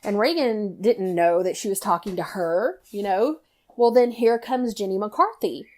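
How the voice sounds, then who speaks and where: A middle-aged woman tells a personal story in casual chat, animated and full of "you know" fillers. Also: medium pitch, unhurried. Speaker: guest storyteller, mother.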